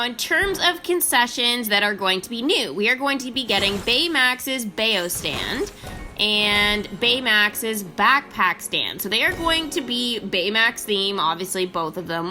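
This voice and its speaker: A young woman talks through a mobile game for her viewers in a bright, clear voice, chatty and easily excited. Faint game music runs behind her. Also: fairly high pitch, moderate pace. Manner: chatty and excitable, with frequent ums and sudden squeals. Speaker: mobile game channel host. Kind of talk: casual gameplay commentary.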